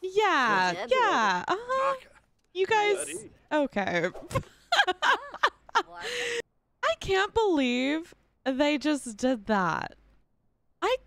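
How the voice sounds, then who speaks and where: A young woman giving excited, gushing gameplay commentary, laughing often. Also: high-pitched. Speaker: let's play host.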